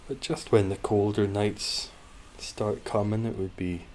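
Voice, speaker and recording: A man's voice: fairly low pitch, level tone, measured pace, a little mellow, a little hiss or hum. A man streaming a game from home, rambling wryly and chatting with his viewers between moves. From Scotland. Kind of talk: casual livestream chat while gaming.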